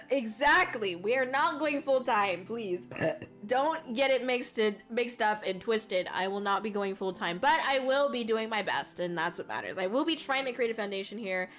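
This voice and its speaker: Woman streamer rambling to chat, giggly, swears a lot, some soft music in the back. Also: medium pitch. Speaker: VTuber streamer. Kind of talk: casual live-stream chat reading viewer comments. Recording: faint music underneath.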